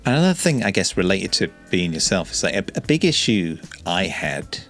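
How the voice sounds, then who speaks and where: A calm, shy man vlogging to camera, talking in a relaxed monotone with frequent stutters and restarts. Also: low-pitched, moderate pace, vocal fry, faint music behind. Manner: calm, relaxed, soft-spoken. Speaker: YouTuber. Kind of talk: reflective talking-to-camera vlog.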